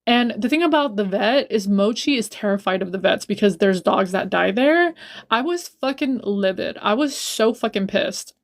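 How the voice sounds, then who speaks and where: A young woman venting through a casual livestream storytime, with a voice of average pitch for a woman. She is blunt and swears freely. When she gets heated, she circles back and repeats her points for emphasis. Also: expressive, moderate pace. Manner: blunt and profane, swears a lot.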